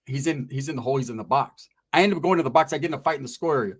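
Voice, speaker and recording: A man's voice: medium pitch, rapid-fire, husky. A man telling stories in casual, slang-heavy talk, acting out what other people said. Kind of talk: casual storytelling.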